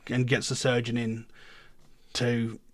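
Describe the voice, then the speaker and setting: Slow and completely flat, a medium-pitched middle-aged man reacts to music with casual, rambling commentary. "You know" keeps cropping up as filler.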